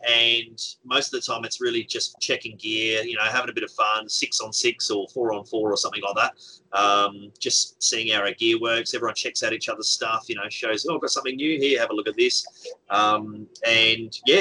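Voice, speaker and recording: A man's voice: on the low side, fairly even intonation, a little fast, sharp tone, low-quality recording. A man chatting casually as a guest game organizer, rambling with many fillers and restarts. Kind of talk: casual chat.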